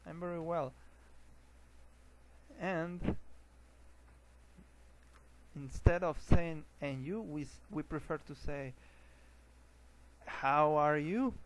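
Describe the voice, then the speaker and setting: A man teaching an English lesson, often restarting words and filling pauses with uh and um. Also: fairly high pitch, darkish tone, low-quality recording. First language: Spanish. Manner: hesitant, repeats words, many fillers.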